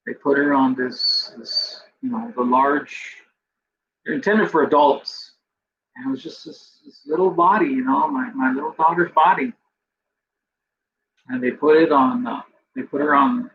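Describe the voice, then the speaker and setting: A podcast host telling a personal story in a rambling way, full of fillers like "you know", and emotional to the point of tears. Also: male voice, mid-range voice, gravelly, fairly bright tone. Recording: dull lo-fi recording with faint background noise.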